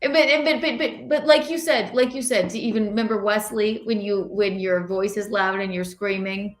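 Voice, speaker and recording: A woman hosting a podcast, chatting casually in an animated, rambling way with lots of restarts. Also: medium pitch, normal speed. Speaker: podcast host. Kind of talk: casual chat. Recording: roomy echo.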